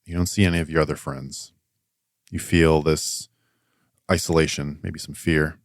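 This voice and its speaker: A man narrating a tabletop game as game master, pausing often with fillers. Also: very deep voice, fairly even intonation, dry recording, clean studio sound. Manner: hesitant descriptive narration with many fillers.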